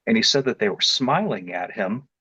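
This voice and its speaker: His voice is fairly low and slightly rough, moving at a moderate pace as he relates his own experience as an interview guest. The telling is casual and rambling, riddled with fillers and restarts, and it builds in volume and animation; the sound is dull, lo-fi and dry.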